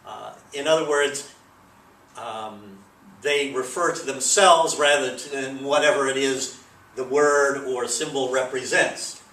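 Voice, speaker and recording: A man's voice: mid-range voice, fairly even intonation, slow, pushed and bright. Man, teacher, rambling grammar lesson, lots of fillers, roomy echo, mic set back. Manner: loose, rambling explanation with many fillers. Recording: echoey room, mic at a distance.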